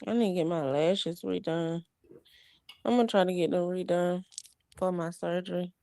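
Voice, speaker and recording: A woman's voice: fairly low pitch, steady tone, normal speed, warm tone, no room sound. A young woman chatting casually on a livestream, greeting viewers and talking about her kids while burping a baby.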